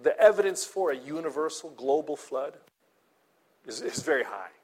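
A man's voice: a little high, animated, normal speed, darkish tone, husky. A male pastor preaching a sermon in a conversational way, often checking in with his listeners and repeating himself as he talks. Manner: conversational, checks in with "okay?" and "right?"; repeats and restarts words, laughs lightly.

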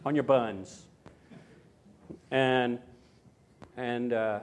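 A man's voice: a little high, lively intonation, moderate pace. An older man preaching a sermon in a chatty, anecdotal way, with frequent asides and tag questions. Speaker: pastor. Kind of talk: sermon with personal story.

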